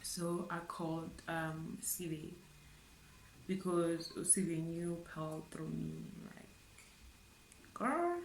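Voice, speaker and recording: A South African woman talks straight to camera, her slightly low voice halting and tearful as she circles back over her words. She fills the gaps with "like" and "guys", and the room around her rings with echo. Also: vocal fry, fairly bright tone, slight background noise. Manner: tearful, halting, repeats herself, fillers like "like" and "guys". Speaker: vlogger. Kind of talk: emotional storytelling to camera.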